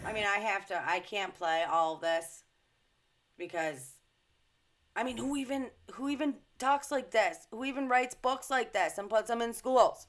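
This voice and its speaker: Speaking a little slowly in a mid-range voice, a female social media commentator delivers a casual rant to her followers. She sounds indignant and emphatic and swears without restraint.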